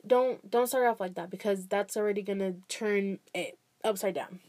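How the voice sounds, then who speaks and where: A woman's voice: mid-range voice, normal speed, darkish tone. A young woman giving casual, rambling relationship advice, full of fillers and "blah, blah, blah.".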